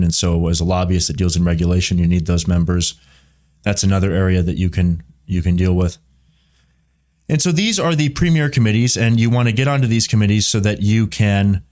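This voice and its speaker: Man, political show host, lowish voice, blunt, opinionated, digressive asides. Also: darkish tone. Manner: drifts into side remarks mid-thought. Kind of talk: solo political commentary.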